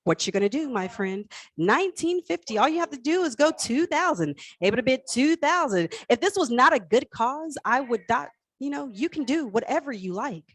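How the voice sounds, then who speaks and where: A woman's voice: high voice, expressive, fairly quick, hardly any pauses, fairly bright tone, no room sound, rough recording. A woman calling a live charity auction on stage, playfully coaxing and teasing bidders by name. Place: event hall stage.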